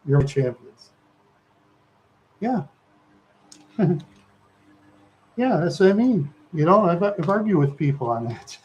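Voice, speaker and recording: A man's voice: on the high side, lively intonation, takes it slowly, long pauses, a little mellow, dull audio, slight background noise. A man from Minnesota hosting a live stream, rambling through stories, repeating words and chuckling often.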